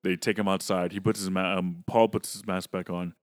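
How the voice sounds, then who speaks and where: Low-voiced man recapping a movie. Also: little pitch movement, a little fast, no echo, studio quality. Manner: loose, profane retelling of plot with acted-out quotes. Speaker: podcast co-host. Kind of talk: casual movie recap chat.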